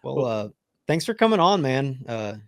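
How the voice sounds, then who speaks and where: A man's voice: medium pitch, sing-song, normal speed, creaky, dry recording, studio quality. A man hosting a podcast, mostly chiming in with short agreements and laughing along. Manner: brief agreeing interjections and laughs. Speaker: podcast host. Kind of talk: casual chat.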